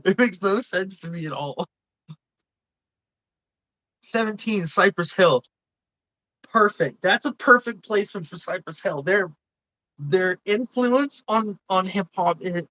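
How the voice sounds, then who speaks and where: A woman's voice: on the low side, animated, unhurried, long pauses, a bit bright, no room sound, rough recording. A woman hosting a live stream, chatting casually and swearing a lot as she gives blunt, indignant opinions.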